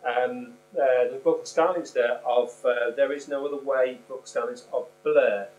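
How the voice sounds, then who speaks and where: A man's voice: medium pitch, steady tone, normal speed, a little mellow, soft background music. A man with a Liverpool accent hosting a podcast, rambling and joking with plenty of fillers. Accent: Liverpool English. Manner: rambling, jokey, lots of fillers. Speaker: podcast host. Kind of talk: casual chat. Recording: echoey room with background noise.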